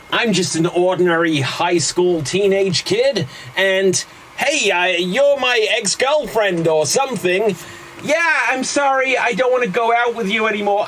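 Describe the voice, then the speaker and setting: A man's voice: fairly bright tone, slight background noise, heavily acted, low-quality recording. A man doing a frantic teen boy hero. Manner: high, frantic, jokey.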